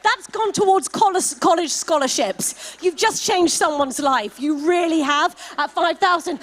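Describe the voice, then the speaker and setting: Background noise surrounds this fundraising auctioneer as she calls out amounts during a live paddle raise in a gala hall, heaping lavish praise on each donor. Her very high voice is expressive, measured in pace, with few pauses.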